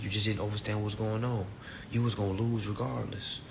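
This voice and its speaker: A man's voice: little pitch movement, brisk, vocal fry, slight background noise. A man hosting an online class on a live stream, ranting bluntly and mockingly at his listeners. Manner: blunt, profane, mocking, mimics people in high voices. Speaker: online finance class host.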